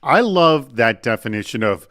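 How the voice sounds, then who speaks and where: This energetic, talkative man runs a live online talk show, covering announcements and bringing on guests. The recording is dry, and his medium-pitched voice keeps a normal pace.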